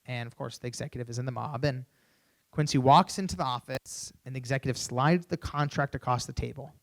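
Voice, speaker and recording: On a conference stage, a young man delivers a keynote through a stage microphone, telling an animated story. His mid-range voice is gravelly and a little fast, and he says "you know" a lot.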